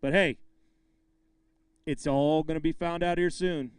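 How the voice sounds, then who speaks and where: A man with a high, smooth voice emcees a fishing tournament weigh-in. He jokes with the anglers and shouts the weights out with excitement. The sound is close and dry. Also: a little slow, no room sound. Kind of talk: live weigh-in announcing.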